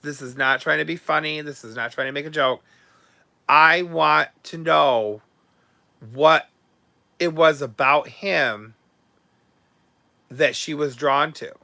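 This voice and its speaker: A male host gossips bluntly and sarcastically in a casual livestream chat, often with crude words. His voice is bright and forceful, and the sound is dry and close. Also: fairly high pitch, dry recording.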